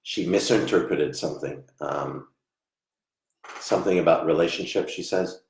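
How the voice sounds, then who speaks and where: A man giving a live online psychic reading, soft-spoken and halting, often trailing off quietly. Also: very deep voice, creaky, slight background noise. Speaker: psychic medium. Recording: echoey room.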